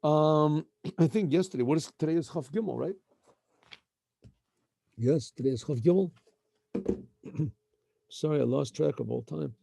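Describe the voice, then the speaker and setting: A middle-aged man, a rabbi teaching a casual daily lesson, who often clears his throat and corrects himself as he goes. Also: fairly high pitch, measured pace, long pauses, dark tone, slight background noise. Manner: frequent throat-clearing, self-correcting and meandering.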